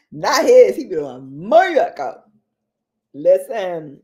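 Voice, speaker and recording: This woman has a mid-range voice with a darkish tone. Hosting a casual beauty livestream, she laughs and jokes with viewers, often saying things twice to stress them.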